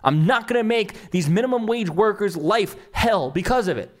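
A man's voice: high voice, lively intonation, normal speed. A man giving reaction commentary, talking it through with frequent restarts.

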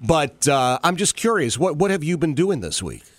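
Male radio host, jokey banter, lively pitch, dry studio sound. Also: normal speed, no echo. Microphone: studio mic.

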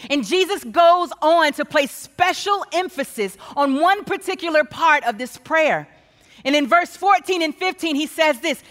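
Woman speaker, high and bright, storytelling sermon, long hall reverb. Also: animated, unhurried. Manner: storytelling, acts out quoted exchanges. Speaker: guest speaker.

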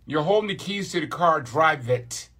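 A man's voice: on the high side, expressive, moderate pace, sharp tone, husky. A man hosting a podcast, delivering a heated, profane political rant with emphatic repetition. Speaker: podcast host.

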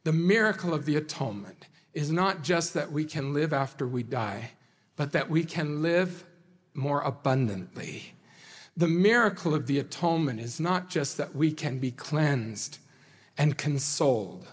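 A man delivering a sermon to a congregation, earnest and measured, with dramatic slow pauses. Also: on the high side, husky. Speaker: speaker addressing a congregation. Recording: hall reverb.

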